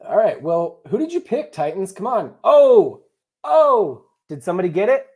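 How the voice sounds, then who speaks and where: Here a young man with a high-pitched, darkish voice hosts a live draft stream, his pitch swinging widely at a moderate pace. He reads viewer comments in a casual, jokey way and talks with both chat and his co-hosts.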